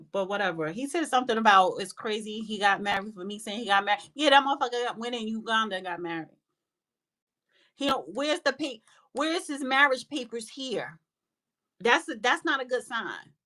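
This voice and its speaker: Her voice is a little high with a sharp tone. Running a live audio room, the woman picks speakers and talks politics casually and heatedly, blunt, scolding and heavily profane.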